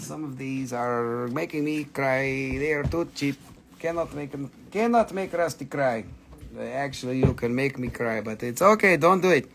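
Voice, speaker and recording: A man's voice: medium pitch, a bit bright, a little hiss or hum. A man hosting a live-stream sale, playful and joking, bantering with viewers and himself into a phone. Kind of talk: live-stream sales pitch.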